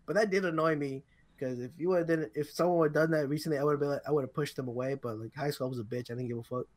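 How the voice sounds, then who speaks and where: A man's voice: on the high side, steady tone, fast talker. A tired young man co-hosting a podcast, telling a rambling, profane story in casual chat with lots of restarts. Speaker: podcast co-host.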